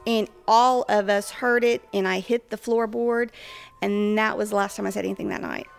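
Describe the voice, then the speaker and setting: A woman recounts a ghost story in a relaxed, chatty way. Her voice has a gravelly, creaky edge, and she sits at a middling pitch. She keeps her talk loose, with plenty of fillers along the way. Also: normal speed, faint music behind. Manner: chatty, with frequent fillers and acted-out quotes. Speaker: guest telling a ghost story. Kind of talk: casual storytelling.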